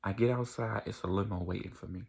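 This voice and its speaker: Gravelly young man telling a wild story. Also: lowish voice, fast. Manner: animated storytelling, acting out quoted voices. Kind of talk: casual storytime vlog.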